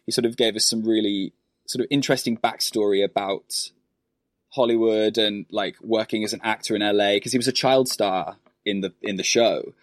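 A British-accented man with a lowish voice, guesting on a podcast and talking with earnest enthusiasm. His delivery is casual and full of "sort of", and the sound is dry and close. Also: fairly even intonation, moderate pace, dry recording. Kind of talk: casual chat.

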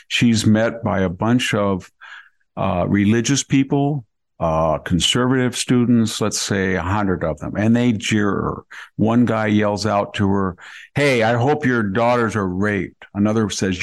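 A man's voice: fairly low pitch, creaky. An older man hosting a podcast, talking through long hypotheticals in conversational commentary. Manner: long hypotheticals, acts out quoted people. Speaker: podcast host.

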